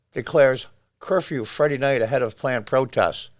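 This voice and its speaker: A man's voice: mid-range voice, measured pace, dry recording. Sixties guy from upstate new york ranting about politics, keeps repeating himself, dry close mic. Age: 60s. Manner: emphatic, repetitive, exclaims over footage. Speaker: political commentator. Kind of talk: casual political commentary.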